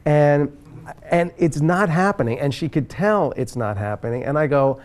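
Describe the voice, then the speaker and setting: A man telling a comic anecdote as a game show contestant, animated and laughing between phrases. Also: fairly high pitch, moderate pace. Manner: animated storyteller, laughs mid-sentence.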